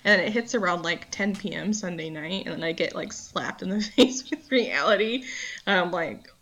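A young adult woman co-hosting a podcast, chatty and quick to laugh in casual chat. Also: on the low side, fairly bright tone. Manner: giggly, chatty, laughs often. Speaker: podcast co-host.

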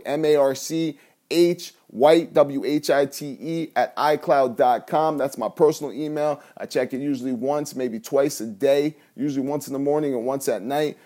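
A man hosting a solo podcast, telling a story with lively mimicked sound effects and ending with a motivational send-off. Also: on the high side. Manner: motivational sign-off. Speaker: podcast host.

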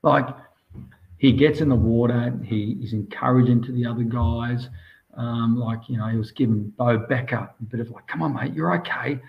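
A man's voice: mid-range voice, little pitch movement, moderate pace, highs cut off. An Australian man, a swimmer being interviewed, chatting casually and enthusiastically in long rambling stretches. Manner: enthusiastic, rambling, says "mate" constantly.

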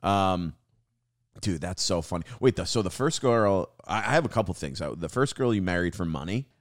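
Male podcast host, low voice with a lively swing, laid-back and quick with reactions. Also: no room sound, studio quality. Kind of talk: casual podcast chat.

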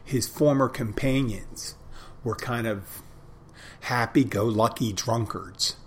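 Talking alone on his podcast, a man speaks slowly in a mid-range voice against slight background noise. The casual monologue is reflective and meandering, and he often starts his sentences over.

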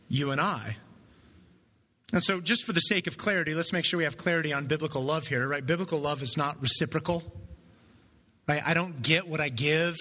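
High, bright-voiced male preacher. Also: in a large hall. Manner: conversational preaching, keeps asking "right?". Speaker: pastor. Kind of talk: sermon.

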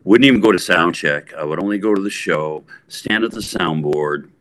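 A man in his sixties from the Bay Area, a rock guitarist telling a story in a casual interview, lively and full of fillers. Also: sits low, moderate pace, no echo. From San Francisco Bay Area, USA. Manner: animated, acts out voices, lots of fillers.

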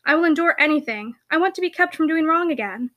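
A woman reading the lines of a remorseful young woman in an audiobook, earnest and pleading, in her own high, bright voice. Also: lively intonation, fast.

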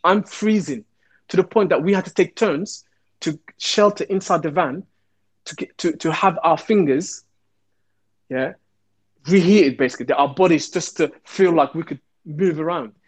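A man's voice: fairly high pitch, normal speed, husky. A man, a former police officer, telling a story in an interview and acting out the voices he quotes. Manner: animated, acts out the quoted voices.

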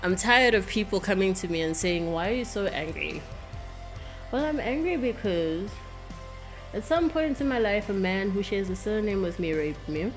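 Very animated and speaking at normal speed, a woman from South Africa delivers an impassioned spoken-word piece full of profanity. Her voice swings from loud outbursts to low, bitter confessions, with faint music behind her.

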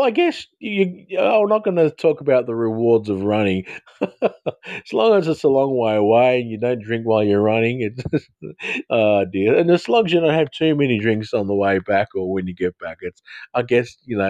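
A man in his fifties hosting a live stream, chatting casually with viewers in a rambling way and quick to laugh. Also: mid-range voice, a little mellow, dry recording, highs cut off. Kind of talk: casual live chat reading viewer comments.

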